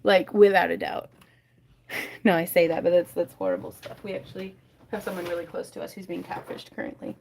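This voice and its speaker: A woman's voice: fairly low pitch, sing-song, brisk, gravelly, darkish tone, slight background noise. A woman hosting a casual crafting livestream from home, chatting and laughing often as she reads viewers' comments.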